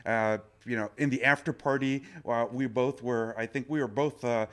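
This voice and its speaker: A man's voice: medium pitch, fairly even intonation, normal speed. A man who wrestles, telling stories on a live stream in a rambling way, full of uh fillers and restarts. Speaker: wrestler guest. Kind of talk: casual storytelling.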